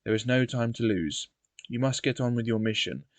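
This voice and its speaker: Man voicing a wary street stranger, offhand, mid-pitched voice, dry sound. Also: normal speed, no echo, lightly acted. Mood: suspicious. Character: suspicious middle-aged man in the street.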